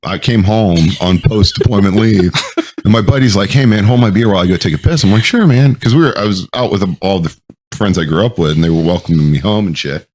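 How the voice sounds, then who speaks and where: A man's voice: fairly low pitch, fast talker, darkish tone. A man in his thirties, a Marine veteran and co-host, telling profane stories with lots of laughter in casual chat.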